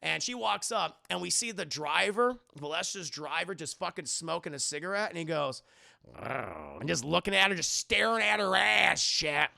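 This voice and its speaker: A man's voice: high voice, normal speed, creaky, hardly any pauses, bright, forceful tone. A young man streaming a profane, rambling recap of a movie, talking straight to his live chat.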